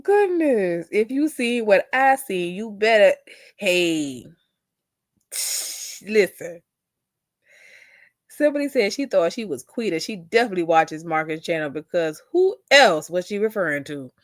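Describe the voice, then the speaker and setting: A woman's voice: lowish voice, lively intonation, measured pace, long pauses, no room sound. Sassy drawling woman streamer, dry close mic. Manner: sassy, drawling, sings out asides. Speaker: livestream commentary host. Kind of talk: casual livestream commentary reading chat.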